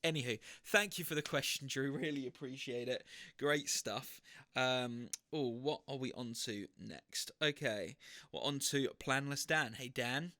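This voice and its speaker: Guy rambling through a story for his viewers, bright forward voice, super dry close mic. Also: mid-range voice, unhurried, no echo. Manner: animated, acts out voices in his anecdotes. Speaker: YouTuber answering viewer questions. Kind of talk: casual storytelling Q&A.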